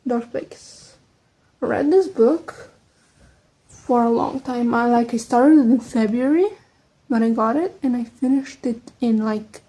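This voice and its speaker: A young woman who speaks English as a second language, with a slight American lean, chatting casually and quickly as a book vlogger, trailing off into soft asides. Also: on the high side, poor audio. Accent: American-leaning English, second language. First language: not English. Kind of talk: casual chat.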